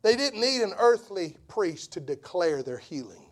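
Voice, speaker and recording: A fiery male evangelist delivering a sermon in a high voice that leaps and dives all over. He drops to near-whispers, then builds to shouts, hammering key phrases again and again. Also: sing-song, normal speed. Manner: impassioned, swings from hushed to shouting; repeats phrases for emphasis. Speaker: evangelist preacher.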